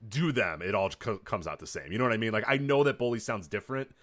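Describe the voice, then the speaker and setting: A man's voice: fairly low pitch, a bit bright. A man co-hosting a casual podcast, talking loosely with lots of fillers. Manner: fast, loose, filler-heavy talk. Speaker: podcast co-host.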